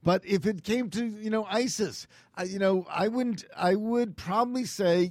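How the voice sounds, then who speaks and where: A man in his sixties hosting a radio interview. He is blunt and tends to repeat himself as he begins a thought. His voice is slightly high for a man, and the studio sound is dry. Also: normal speed, few pauses, darkish tone, no echo. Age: 60s. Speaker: radio host.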